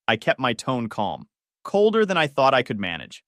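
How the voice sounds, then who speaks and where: A man calmly narrating a first-person story in scripted narration. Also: mid-range voice, normal speed, no room sound, studio quality.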